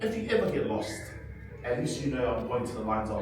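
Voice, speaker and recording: A hoarse man teaching a language workshop to a group, animated and quizzing his listeners with some humor. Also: mid-range voice, brisk. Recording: echoey hall, from far off, crowd around.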